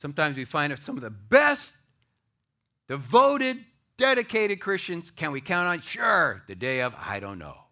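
Animated, bright-voiced male preacher. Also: a little high, measured pace. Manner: dramatic preaching that swings from loud to hushed. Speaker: pastor. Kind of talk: sermon. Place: church with a live audience.

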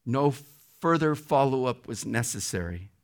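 A man telling a healing testimony in sermon style, rising high and loud when he quotes a prayer. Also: animated, moderate pace.

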